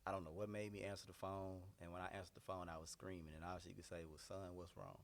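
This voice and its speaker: A man's voice: low voice, flat delivery, fast talker. A man, a pastor and singer, telling an emotional personal story with earnest, repetitive emphasis. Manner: earnest, heartfelt, repeats phrases for emphasis. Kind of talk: candid, emotional personal testimony.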